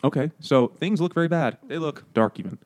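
A man talks fast and loose in a casual podcast chat. His voice is dark and mellow. He keeps tossing in puns and jokey asides. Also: fairly high pitch, animated. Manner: joking, quick asides and puns. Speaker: podcast co-host.

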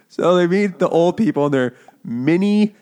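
A man's voice: high voice, animated, unhurried, dark tone. A man co-hosting a book podcast, rambling through the plot with crude jokes, laughing often and putting on voices for the characters. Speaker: podcast co-host. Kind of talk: crude comedic book chat.

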